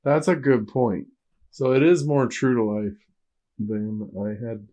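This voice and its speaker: Slow-talking man with dry sarcasm. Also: medium pitch, warm tone. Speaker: podcast co-host. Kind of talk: casual film discussion.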